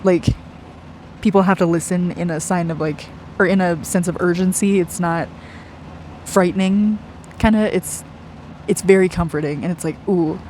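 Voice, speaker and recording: An aura reader giving a personal spiritual reading to one client, gushing and effusive, soft and earnest, often saying "like". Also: mid-range voice, slight background noise, poor audio. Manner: gushing and effusive, heavy use of "like".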